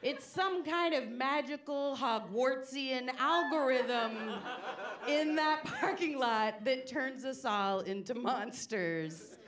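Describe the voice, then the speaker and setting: On a comedy stage before a live audience, a stand-up comedian in her forties tells self-deprecating stories and acts out the quotes. Her voice sits high and her delivery is slow, with crowd noise and audience laughter in the background.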